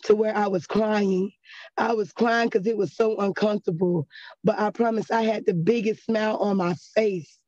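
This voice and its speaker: A woman tells her testimony to a church group in an earnest, conversational way. Her tone is mellow and dark. The recording sounds dull and slightly lo-fi, with dry room sound. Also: medium pitch, fairly even intonation, moderate pace, no room sound. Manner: earnest, conversational, checks in with "right?". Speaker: class member giving testimony. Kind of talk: personal testimony.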